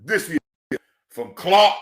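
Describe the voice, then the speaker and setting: A man in a passionate, preachy football rant, swinging between shouting and quiet emotion, calling his listeners "church". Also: high-pitched, animated, slow. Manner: preachy, emphatic, calls audience "church". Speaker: football commentator. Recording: echoey room.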